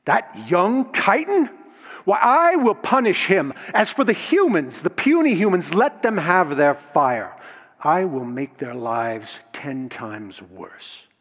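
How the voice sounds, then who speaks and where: A man doing an arrogant, vengeful king of the gods who speaks in slow, weighty proclamations, his voice pitched a touch high and pushed louder. It rings with a long hall reverb, as in a large echoing room. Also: sing-song, exaggerated voice. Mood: wrathful.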